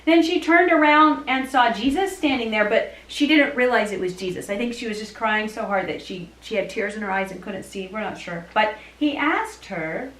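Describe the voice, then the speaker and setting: A woman tells a Bible story to young children, her high voice swooping up and down. She talks in an animated storytelling manner. The room around her sounds echoey. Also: normal speed, hardly any pauses. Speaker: children's church teacher.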